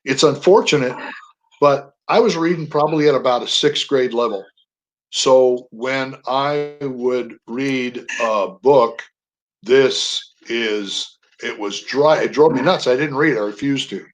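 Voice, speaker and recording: An older man, a guest on a radio interview, telling personal stories with animated emphasis on single words. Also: mid-range voice, unhurried, rough recording. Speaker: guest, veteran.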